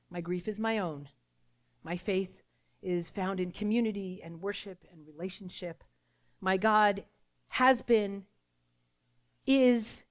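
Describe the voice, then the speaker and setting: Woman, middle-aged, pastor, sermon, personal storytelling, emotional, soft hushed passages. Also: mid-range voice.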